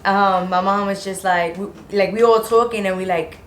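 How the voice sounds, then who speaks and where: A woman's voice: mid-range voice, fairly even intonation, moderate pace. Young woman rambling through a personal story. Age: young adult. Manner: talks in long run-on rambles with many "like"s. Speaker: vlogger telling a story. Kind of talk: casual storytelling. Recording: echoey room with faint noise.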